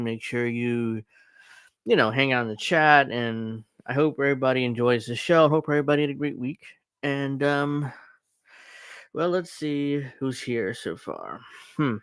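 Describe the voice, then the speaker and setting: A man's voice: medium pitch, fairly bright tone, clean tone, no echo. Casual rambling male podcast host. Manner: rambling, with many fillers and asides. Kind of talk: casual solo commentary.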